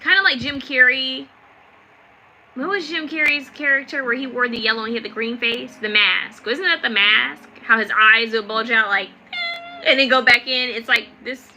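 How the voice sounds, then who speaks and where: A woman's voice: fairly high pitch, normal speed, sharp tone, a little hiss or hum, poor audio. A young adult woman giving a chatty, rambling live tarot reading with lots of fillers. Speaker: tarot reader.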